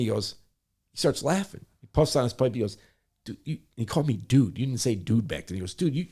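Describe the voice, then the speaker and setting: A man's voice: on the low side, a little mellow, husky. A middle-aged man from Michigan, a public servant, telling a story in conversation, acting out other people's lines and often correcting himself mid-sentence. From Michigan, USA. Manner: acts out quoted voices, rapid self-corrections.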